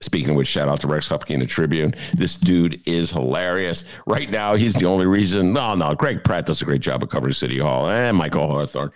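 A middle-aged man giving joking commentary on newspaper columns as a columnist host, with sudden high-pitched jumps for emphasis. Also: fairly quick, few pauses, no room sound. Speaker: columnist hosting a media review segment. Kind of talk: casual commentary.

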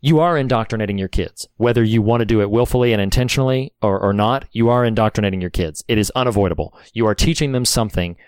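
A man's voice: lowish voice, fast talker, hardly any pauses, a little mellow, clear, resonant tone, no room sound. A man co-hosting a podcast, talking earnestly and thoughtfully about a film, with frequent restarts. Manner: earnest, reflective, many restarts. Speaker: podcast co-host. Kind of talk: casual film discussion.

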